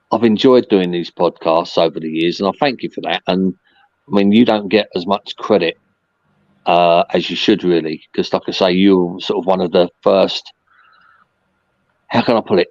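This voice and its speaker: Deep-voiced guy rambling on a podcast, fillers everywhere, muffled dry sound. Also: vocal fry, darkish tone, no echo. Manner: rambling, chatty, lots of fillers. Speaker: podcast guest, merchandise seller. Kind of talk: casual chat.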